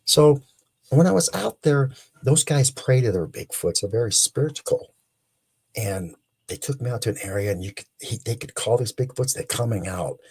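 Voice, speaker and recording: A man in his sixties, a guest animatedly telling a long story, excited and rambling with restarts. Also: medium pitch, moderate pace, breathy edge. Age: 60s.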